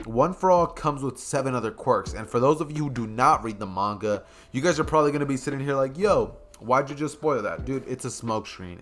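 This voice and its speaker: A man telling a fan story to his viewers in a loose, chatty way, full of fillers and asides. His voice sits at a middle pitch, relaxed and conversational. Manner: rambling, filler-heavy, chatty. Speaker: YouTube storyteller. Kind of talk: casual fan-story narration.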